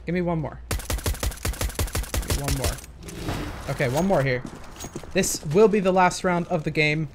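A man's voice: on the high side, moderate pace, background noise. A young man casually commenting on gameplay footage, thinking aloud and hesitating with many fillers. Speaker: gaming commentator.

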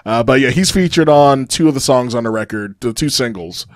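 Brief: man, relaxed podcast co-host, talks loosely with fillers, dry mic. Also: mid-range voice, a little fast, no room sound. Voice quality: frequent "uh" fillers, laughs often. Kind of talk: casual chat.

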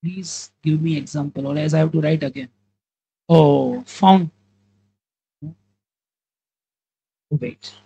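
A woman's voice: sits low, warm tone, breathy edge, no echo, lo-fi sound. A woman with an Indian English accent teaching a live class, quizzing students and playfully acting out examples. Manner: playful, acts out examples in character voices; quizzing the class with rapid questions.

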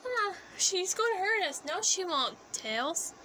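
Very high, lively woman doing homemade character voices. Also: measured pace, a little hiss or hum, low-quality recording. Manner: excitable, switching among many character voices. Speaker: fan video performer voicing every character.

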